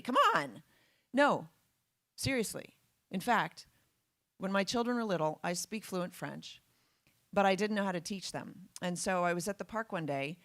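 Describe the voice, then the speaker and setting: A woman's voice: on the low side, dry recording. Emphatic woman giving a public talk. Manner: emphatic, rhetorical questions. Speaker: guest speaker.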